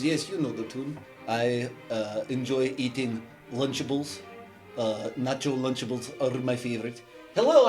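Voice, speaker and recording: A man voicing an earnest, boastful male glassblower from Georgia who speaks broken English with no articles and rambles on. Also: on the high side. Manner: earnest, rambling, bursts into loud shouts.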